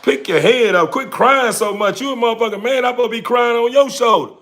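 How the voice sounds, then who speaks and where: A man voicing a fed-up woman who loudly scolds and curses at the men around her. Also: a little fast. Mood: scolding. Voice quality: loud, shrill and cursing.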